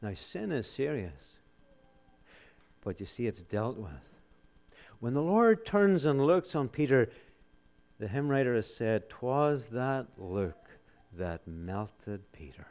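A man preaching a sermon, asking rhetorical questions and answering them emphatically, swinging between loud exclamations and hushed, solemn lines. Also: on the low side, animated, takes it slowly, long pauses.

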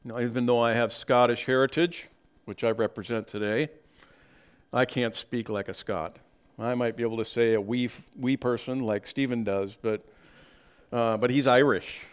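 A man preaching a sermon, talking slowly and deliberately and rising into emphatic bursts. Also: mid-range voice, clear, resonant tone. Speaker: pastor.

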